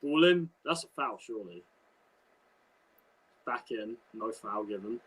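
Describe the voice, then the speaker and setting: A young man co-hosting a football stream, calling the match live in quick, clipped, excitable bursts. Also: on the low side, rough recording. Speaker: co-host giving live match commentary. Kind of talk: casual live play-by-play commentary.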